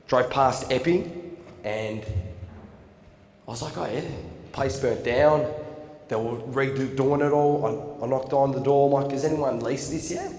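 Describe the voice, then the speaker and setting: Animated young man in echoey hall. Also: medium pitch. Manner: animated, acts out quotes with big swings in loudness. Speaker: seminar speaker. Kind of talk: storytelling seminar talk. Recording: echoey hall recording, faint room noise.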